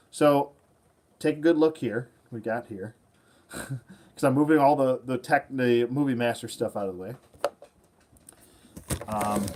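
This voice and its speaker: A man's voice: mid-range voice, darkish tone, a little hiss or hum. A man hosting a casual toy-collecting vlog, rambling and chuckling while showing off figures. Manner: rambling, chuckling, self-deprecating. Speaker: toy collector, channel host. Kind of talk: casual show-and-tell vlog.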